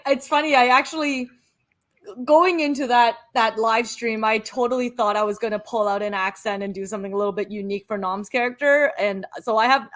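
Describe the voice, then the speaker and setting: A woman's voice: a little high, a bit bright. A woman in her thirties, a former actor and producer, talking candidly and animatedly in casual chat, swearing now and then.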